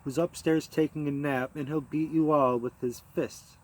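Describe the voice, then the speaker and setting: A man doing a curt, high-voiced small-town housewife. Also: fairly even intonation, normal speed, natural voice, low-quality recording. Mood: snappish. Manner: curt and suspicious. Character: snappish middle-aged small-town housewife.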